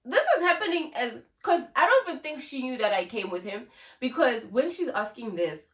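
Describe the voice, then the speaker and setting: This young South African YouTuber's voice runs a little high and a bit bright, with big pitch swings at a moderate pace. With her South African accent, she animatedly tells a casual story to her phone camera and ring light, slipping in Zulu words.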